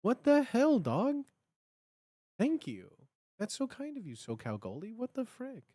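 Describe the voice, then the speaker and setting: Speaking a little slowly, this animated Chicago-area streamer in their thirties rambles through a casual livestream chat at home with plenty of fillers and restarts. The voice is lively and jumps into sudden high bursts when mimicking cheering. The sound is studio quality with no room sound.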